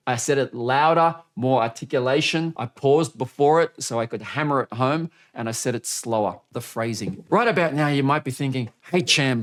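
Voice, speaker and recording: A man teaching on-camera speaking as a coach, energetic and demonstrative, often shifting his loudness, pace and pitch to show what he means. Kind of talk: coaching video lesson.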